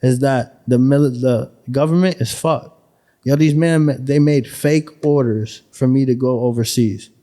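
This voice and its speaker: A man from Buffalo tells his stories in a loose, profane, streetwise way, animated and full of asides. His voice sits at an average pitch for a man. He sounds like a guest in an easygoing podcast conversation. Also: measured pace. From Buffalo, New York. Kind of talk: casual storytelling chat.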